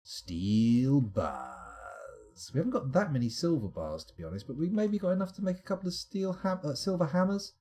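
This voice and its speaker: A man's voice: a little high, very animated, moderate pace, mellow. A man streaming a management game, muttering his choices aloud with wry asides. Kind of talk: casual let's-play commentary.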